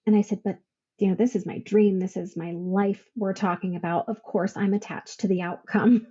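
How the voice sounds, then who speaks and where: Podcast guest, woman, warm and husky, emotional storyteller who laughs often, slightly muffled remote audio. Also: medium pitch, steady tone, moderate pace. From Idaho, United States. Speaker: podcast guest, veteran business owner. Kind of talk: casual interview storytelling.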